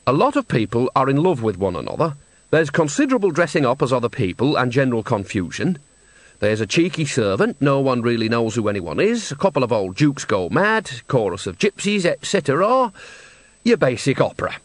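A man's voice: medium pitch, big pitch swings, no echo, natural voice. A man reading aloud voices a chatty, gossipy old countrywoman who is a witch. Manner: cheerful, gossipy, talks in rapid asides.

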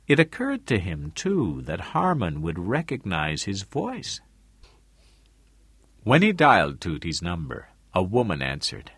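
A man narrating a story aloud in a measured way. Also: low voice, wildly swooping pitch, a bit bright, husky, dry recording. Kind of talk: audiobook narration.

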